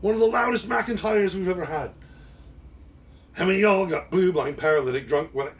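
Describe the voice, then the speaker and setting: A man's voice: high-pitched, moderate pace, slightly rough, distant mic. A man from Canada, a pirate band musician telling a wry, rambling story full of quoted dialogue. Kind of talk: casual storytelling.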